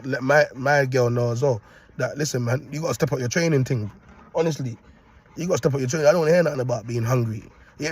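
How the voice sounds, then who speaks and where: A man's voice: on the high side, slightly rough. A man talking to camera from a parked car, rambling and preachy, forever calling out to "people" and asking if you get him. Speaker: dog-loving vlogger. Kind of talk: casual rambling monologue.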